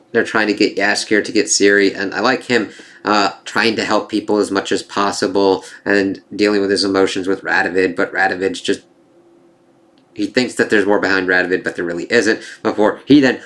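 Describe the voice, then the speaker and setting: A man reviewing a TV series in a loose, unscripted ramble. His voice sits a little low, and he swears freely, piling on asides and working himself up into excitable bursts. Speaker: TV show reviewer. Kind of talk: casual spoken review.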